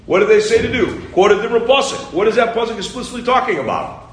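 A man teaching a Talmud class, quizzing his students with quick questions and pushing them to read on. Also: high voice, animated, reverberant, low-quality recording.

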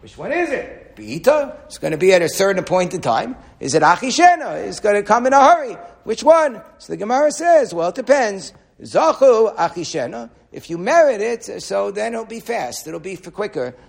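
Rabbi, high gravelly voice, teaching a torah class. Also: male voice, normal speed, hardly any pauses. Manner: animated teaching with Hebrew quotes, repeats words when thinking.

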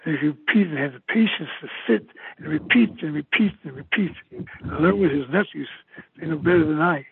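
A man's voice: on the high side, a little fast, gravelly, a little hiss or hum. An older man giving a eulogy, emotional and emphatic, repeating his words often. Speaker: eulogy speaker. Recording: tinny phone-like, dry sound.

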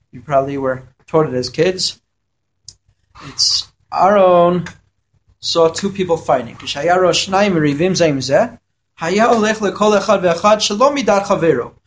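A man with a high voice gives a Torah lesson to yeshiva students. He reads Hebrew verses aloud, translates each one, and asks questions before answering them in an explanatory way. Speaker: yeshiva teacher.

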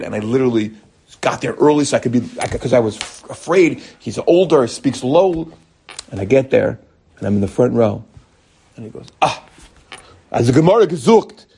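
Middle-aged rabbi guy teaching torah, gravelly husky voice, lively and storytelling. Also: medium pitch. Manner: animated, storytelling, with bursts of emphasis. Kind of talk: Torah lecture.

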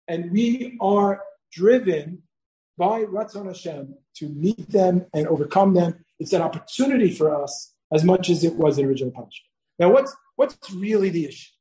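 A man's voice: sits high, mellow, poor audio. A middle-aged man teaching a Torah class to students, conversational, asking "right?" again and again, telling stories from home and mixing Hebrew and Yiddish terms into his English. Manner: conversational, asks "right?" often, tells personal stories.

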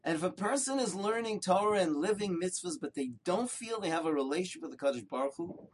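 An older man, a rabbi, teaching a Torah lesson with lively storytelling, rhetorical questions and short repeated phrases for emphasis. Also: high voice, fast talker, a little hiss or hum.

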